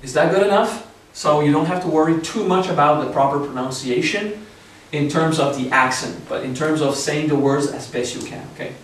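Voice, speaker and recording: A spiritual teacher gives a seminar lecture, explaining patiently, often checking in with his audience and tossing in light jokes. His voice is on the high side and slightly fast, captured on a distant mic in a very echoey room with faint hiss.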